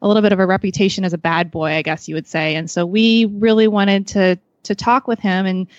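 In a brisk, steady, medium-pitched voice, a woman who works at a magazine chats as a podcast guest, filling her rambling talk with fillers and calling herself awkward. The recording has no room sound, and the highs are cut off.

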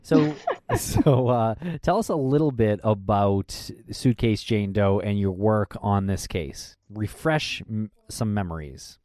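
A man's voice: lowish voice, slow pace, few pauses, mellow, no echo, clean studio sound. A man hosting a podcast in casual chat, joking and sarcastic. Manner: sarcastic, jokey. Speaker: podcast host.

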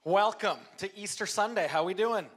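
A man preaching as a pastor to a live church audience, telling a funny self-deprecating story with lively impressions. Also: high-pitched, moderate pace, husky. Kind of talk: humorous storytelling sermon.

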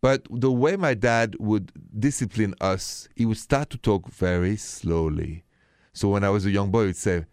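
Man, French accent, radio advice host, calm soft delivery, low voice, dry close sound. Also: clean tone, no room sound. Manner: calm, slow, soft-spoken.

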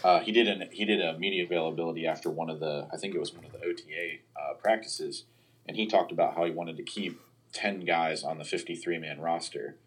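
A man with a very deep, husky voice talks through a sports roster in a relaxed podcast chat. His delivery stays flat and even, and he often pauses on fillers while he weighs his points. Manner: hedging, analytical, frequent "you know" and "um". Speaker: sports analyst guest. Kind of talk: casual football podcast chat.

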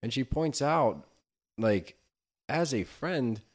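A man's voice: mid-range voice, expressive, slow pace. A man co-hosting a podcast in casual chat, exasperated and swearing freely. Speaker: podcast co-host.

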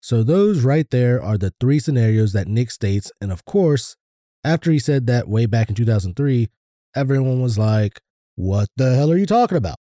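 A man's voice: mid-range voice, expressive, normal speed, warm tone, dry recording, studio quality. A man co-hosting a podcast in casual chat, laid-back and swearing casually. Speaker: podcast co-host.

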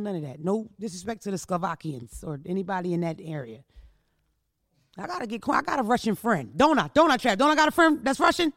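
A woman's voice: medium pitch, fairly bright tone, no room sound, studio quality. A woman hosting her podcast, telling stories in a brash, profane, casual comedic monologue. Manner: brash, profane storytelling with rising outbursts. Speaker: podcast host.

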